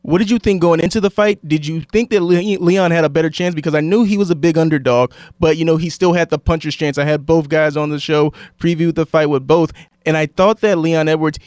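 Higher-voiced male radio host. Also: darkish tone, no room sound, studio quality. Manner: conversational, long lead-in questions. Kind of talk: interviewing a guest.

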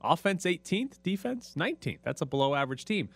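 Lively male sports radio host. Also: on the high side, brisk, creaky, no echo. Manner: animated, laughing, stats-heavy. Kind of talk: casual sports radio talk.

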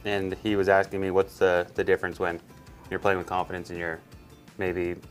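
Deep-voiced, relaxed hockey player. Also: male voice, brisk, faint music behind. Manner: relaxed, low-key, easygoing. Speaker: hockey player, interview guest. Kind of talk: casual interview.

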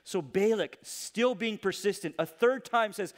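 A man preaching a sermon, retelling scripture in an animated way that swings between loud emphasis and hushed asides. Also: high voice, unhurried, long reverb tail. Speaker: pastor.

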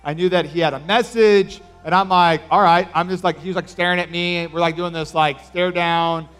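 Higher-voiced man preaching casually. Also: steady tone, moderate pace, a bit bright, clean tone, faint music behind. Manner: casual, rambling, filler-heavy storytelling. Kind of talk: sermon with storytelling.

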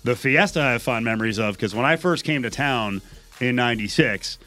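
A man hosting a radio show, chatting in a lively, excitable way. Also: medium pitch, brisk, faint music behind. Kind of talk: casual chat.

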